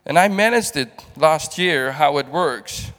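Fairly high-pitched, animated and fairly bright, this middle-aged man from the Netherlands preaches as a guest, offering emotional testimony. He halts often, repeating and restarting his words, and long hall reverb surrounds him.

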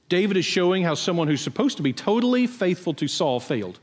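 A man's voice: a little high, lively intonation, fast talker, hardly any pauses, long reverb tail. A man preaching a sermon, explaining a passage in a conversational way and asking his listeners pointed questions. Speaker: pastor. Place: church sanctuary.

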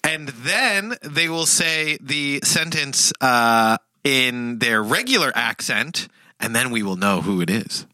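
Bright, animated man co-hosting a podcast. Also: medium pitch, no room sound, low-quality recording. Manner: excitable, joking, quick to laugh. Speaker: podcast co-host. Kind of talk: casual podcast chat.

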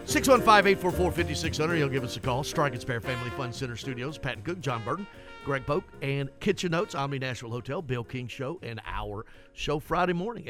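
A man's voice: medium pitch, a bit bright. A man hosting a sports radio call-in show, casual and teasing with callers. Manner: joking, teasing. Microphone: studio microphone.

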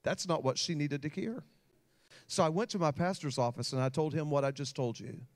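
A man's voice: a little high, brisk. A man, a pastor, preaching a sermon and telling a personal story with growing intensity. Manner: storytelling with rising emotional intensity.

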